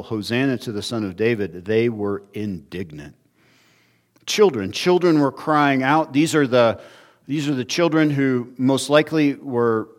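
A pastor with a lowish voice preaches an earnest expository sermon. When he acts out quoted speakers, his voice climbs and speeds up.

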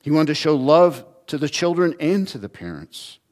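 A man's voice: fairly high pitch, very animated, moderate pace, darkish tone. A man preaching a sermon, teaching earnestly from scripture and rising in emphasis on key points. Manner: earnest teaching with emphatic rises, occasional restarts. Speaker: pastor.

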